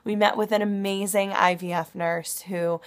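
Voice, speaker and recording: A young woman talking at home in a personal video diary, emotional and halting, with many pauses and restarts. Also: mid-range voice, fairly even intonation. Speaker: vlogger.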